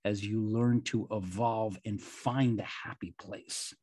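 Husky male host, low voice, measured long questions, dry booth sound. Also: fairly even intonation, mellow, dry recording. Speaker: podcast host. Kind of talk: reflective interview questions.

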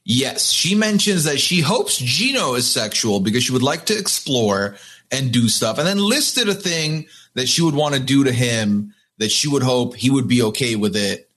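Brief: male podcast co-host, bright, slightly husky voice, animated chatty delivery. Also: mid-range voice, moderate pace. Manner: chatty, repeats words as he thinks aloud. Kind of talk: casual podcast chat.

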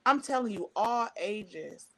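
Animated woman telling a story, bright voice. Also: mid-range voice, takes it slowly. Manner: animated, quotes people in voices, emotional. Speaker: stand-up comedian guest. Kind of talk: casual storytelling chat.

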